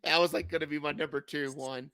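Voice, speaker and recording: A man's voice: fairly high pitch, fairly even intonation, fast, pushed and bright, no echo. A man co-hosting a sports podcast, rambling and joking in a casual chat. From California. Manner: rambling, joking, many fillers. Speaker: podcast co-host.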